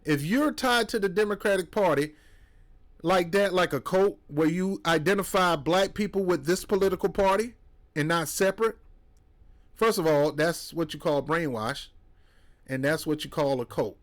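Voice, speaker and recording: A male commentator with a high voice delivers a fiery political monologue at normal speed. He preaches hard, scolds his listeners, and mocks others by slipping into put-on voices.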